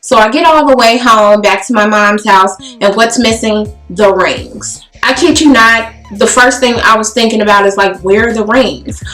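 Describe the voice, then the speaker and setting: A woman's voice: a little high, moderate pace, few pauses. A woman telling a personal story in a casual, blunt and profane way, acting out the dialogue. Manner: animated, blunt and profane, acts out quoted dialogue. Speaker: beauty vlogger telling a story. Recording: roomy echo with faint music.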